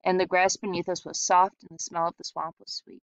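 A woman reading a short story aloud in a steady, reflective storytelling manner. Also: on the low side, brisk, vocal fry, clear, resonant tone, no room sound. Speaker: reader. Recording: dull lo-fi sound.

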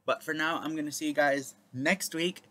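A man's voice: on the high side, fairly even intonation, moderate pace, pushed and bright. A man, the video creator, chatting casually and rambling with many fillers. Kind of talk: casual reaction chat.

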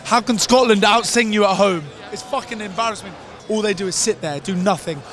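An angry rugby fan swears and shouts through a street interview outside a stadium. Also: male voice, high-pitched, fairly quick, faint music behind. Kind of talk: vox pop rant.

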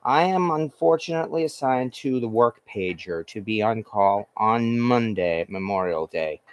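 A man with a mid-range, slightly mellow voice, recorded with no room sound. He hosts a home cooking stream, rambling casually as he works at his stove and goes through viewer comments. Expect lots of fillers, restarts and corrections of himself.

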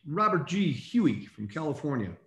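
A man hosting a casual online call, reading out names in an upbeat, brisk way. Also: on the high side, sing-song, fairly bright tone, roomy sound. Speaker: host.

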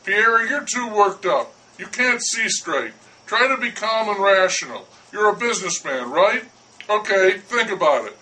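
A man's voice: sits high, animated, measured pace, bright, forceful tone, distant mic, slight background noise, full character voice, low-quality recording. A man voicing a condescending poet who coolly talks down to a baker. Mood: patronizing. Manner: smooth, patronizing, persuasive. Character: languid condescending male poet.

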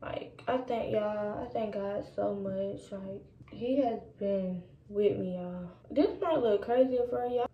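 Chatty young woman, gravelly voice. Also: mid-range voice, measured pace. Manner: chatty, addresses viewers as y'all, drops into whispers. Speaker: vlogger. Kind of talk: casual get-ready-with-me chat. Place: indoors at home doing makeup. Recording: echoey room, dull lo-fi sound, faint noise.

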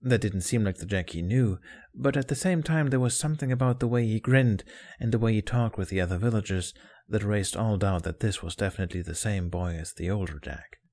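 Guy calmly reading a fanfic audiobook, lowish voice, steady. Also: brisk. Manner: calm, steady storytelling. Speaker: fan fiction narrator. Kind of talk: audiobook narration.

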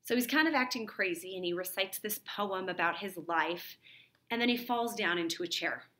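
A woman's voice: medium pitch, moderate pace, pushed and bright. A woman teacher summarizing a play for a literature lesson, retelling it in a conversational way with fillers.

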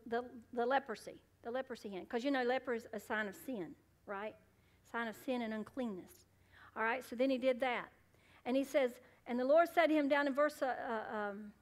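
A woman pastor preaching a sermon in church, calling out to the congregation and rising to loud, fervent peaks. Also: a little high. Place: church sanctuary.

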